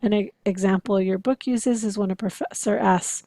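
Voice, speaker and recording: A woman's voice: mid-range voice, fairly even intonation, normal speed, dark tone, dry recording. A woman lecturing interpreting students over slides, explaining in an encouraging, practical way. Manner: explanatory, encouraging, occasionally laughing. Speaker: interpreting instructor.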